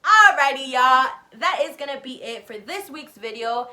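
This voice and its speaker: A young woman in her twenties telling a story casually on her vlog, animated and profane, acting out what people said. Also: sits high, moderate pace. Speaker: vlogger.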